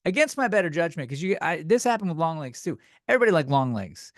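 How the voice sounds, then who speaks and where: Profane, lively ranting man. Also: on the high side, quick pace, dry recording, studio quality. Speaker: podcast host. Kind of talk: comedic podcast rant.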